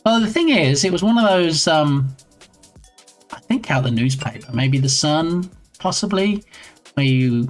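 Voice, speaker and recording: A man chatting casually on his game development live stream, playful and reading viewer messages aloud. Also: on the high side.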